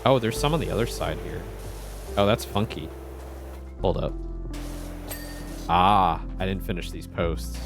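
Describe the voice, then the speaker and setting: A man's voice: low-pitched, measured pace, creaky, long pauses, music in the background. A man chatting casually on a game stream, playful and laughing often.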